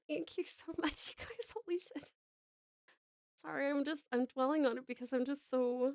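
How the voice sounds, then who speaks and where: High-voiced gushing Australian woman streamer. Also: normal speed, no room sound, clean studio sound. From Tasmania, Australia. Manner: gushing, effusive thanks with casual swearing. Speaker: live streamer. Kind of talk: live stream chat with viewers.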